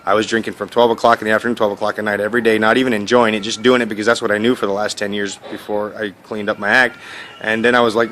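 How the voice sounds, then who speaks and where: Man, candid storyteller, rapid rambling delivery with many restarts, faint room ambience. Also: fairly low pitch, little pitch movement, fairly bright tone, a little hiss or hum. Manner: rambling, candid, many false starts and repeated words. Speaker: online entrepreneur sharing his story. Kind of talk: casual personal storytelling. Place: at home in India, dog and kids nearby.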